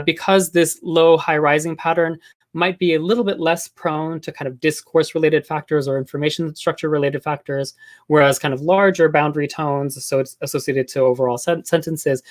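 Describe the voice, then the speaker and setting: With a fairly high pitch, this man lectures on linguistics in an academic talk. He is thoughtful and measured, with frequent pauses and fillers.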